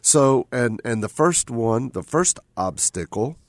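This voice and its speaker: A man's voice: medium pitch, animated, slow, no room sound. A man hosting a radio talk show, chatting casually and tagging his points with "right?" and repeated phrases.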